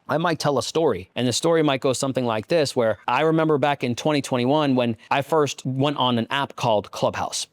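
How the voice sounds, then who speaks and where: A man's voice: medium pitch, no echo. A man in his twenties teaching sales through a dramatic story, with big vocal variety and frequent stops to explain. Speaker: podcast booking coach. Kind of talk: animated storytelling lesson. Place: small room.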